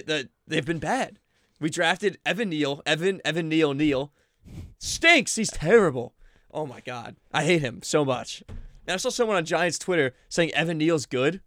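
A man's voice: a little high, brisk, a bit bright, no room sound, studio quality. A young man co-hosting a casual sports podcast, ranting in an exasperated, fired-up way. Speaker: podcast co-host.

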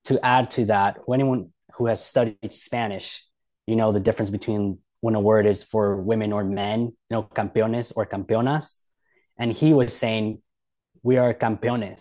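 Indignant low-voiced man on a podcast. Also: a little mellow. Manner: indignant, frequent "like" fillers. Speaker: podcast co-host. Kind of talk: casual podcast discussion.

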